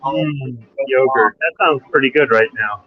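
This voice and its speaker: A man's voice: medium pitch, a little slow, dry recording, narrow, tinny audio. A man in casual chat, hesitant and rambling with many fillers.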